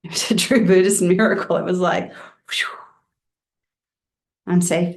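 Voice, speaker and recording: A woman reverend giving a personal Dharma talk in a candid, reflective storytelling way. She often drops soft and quiet. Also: lowish voice, fairly even intonation, a little slow, pauses often.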